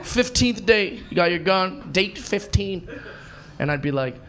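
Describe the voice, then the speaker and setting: A man in his thirties doing brash live stand-up comedy, swinging between shouted punchlines and muttered asides. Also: high voice, lively intonation, measured pace. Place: comedy club stage with a laughing audience. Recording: live club recording with audience noise.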